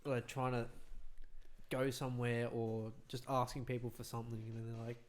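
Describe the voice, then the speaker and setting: A man's voice: mid-range voice, flat delivery, normal speed. A young man co-hosting a casual podcast, laid-back and slangy with short replies. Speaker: podcast co-host. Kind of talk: casual chat.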